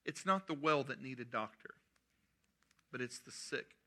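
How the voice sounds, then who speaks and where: A man preaching a sermon, animated and mixing in humorous asides. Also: medium pitch, moderate pace. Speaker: pastor.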